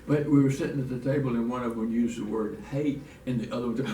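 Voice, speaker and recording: A man's voice: mid-range voice, brisk, hardly any pauses, warm tone. A man teaching a church Bible lesson in a folksy, restarting way, reading scripture aloud. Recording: echoey room from far off, faint noise.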